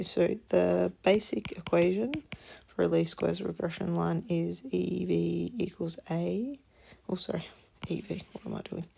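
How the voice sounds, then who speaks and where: A woman's voice: on the low side, creaky, mellow, slight background noise. A woman teaching a maths lesson, explaining patiently and dropping to a murmur when she reads out numbers. She sounds tired. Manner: slow, patient explaining, drops to murmurs while reading numbers. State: tired, yawning. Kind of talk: worked-example maths lesson.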